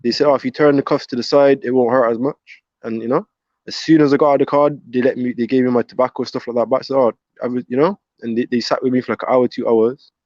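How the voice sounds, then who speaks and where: A man's voice: medium pitch, level tone, a little mellow, no room sound. A man rattles on at speed, repeating himself and tripping over words. His voice comes through a dull, muffled line. The sound is dry and close, with no room around it. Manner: fast, repetitive, stumbling. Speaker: caller speaking from a psychiatric ward. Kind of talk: rambling casual chat.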